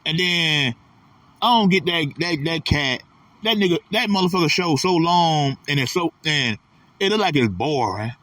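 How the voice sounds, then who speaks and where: A man's voice: fairly high pitch, expressive, normal speed, bright, forceful tone, no room sound, distant mic. A man delivering a blunt, profane, repetitive casual ranting monologue as host of his own channel.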